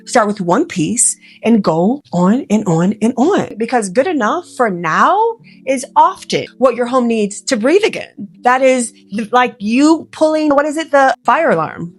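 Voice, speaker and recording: A woman, a professional organizer, giving earnest, emotional and gently reassuring advice straight to the viewer. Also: fairly high pitch. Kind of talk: heartfelt direct-to-camera advice.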